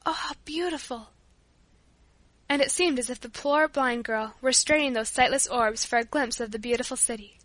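A woman narrating a story aloud in a soft, solemn reading style. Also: a little high, fairly even intonation, a little fast, hardly any pauses, dry recording. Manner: soft, solemn reading with sung hymn lines. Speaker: audiobook narrator.

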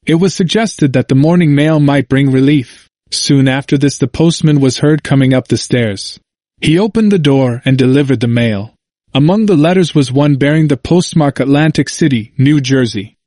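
A man reading a historical book aloud in a measured, even narration. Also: fairly high pitch, no echo, clean studio sound. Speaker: audiobook reader.

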